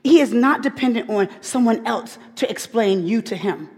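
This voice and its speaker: A woman's voice: on the high side, lively intonation, moderate pace, breathy edge. Emphatic woman preaching in a reverberant hall. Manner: emphatic, repeats key phrases, swings from loud to hushed. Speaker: women's Bible teacher. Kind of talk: sermon.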